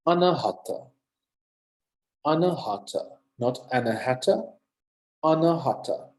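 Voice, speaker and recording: Low mellow man teaching pronunciation. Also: echoey room, poor audio. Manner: drills pronunciation, repeats words slowly and asks listeners to say them. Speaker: yoga teacher. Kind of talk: recorded online lesson.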